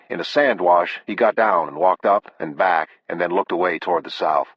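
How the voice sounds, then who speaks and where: Deep, gravelly male audiobook narrator. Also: no echo. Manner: measured, unhurried reading. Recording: dull, dry lo-fi audio.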